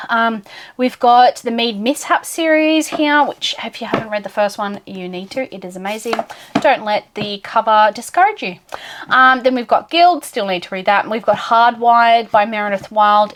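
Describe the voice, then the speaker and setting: Chatty young woman, bookshelf tour. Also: a little high. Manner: chatty, gushing, trailing into soft whispered asides. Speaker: book vlogger.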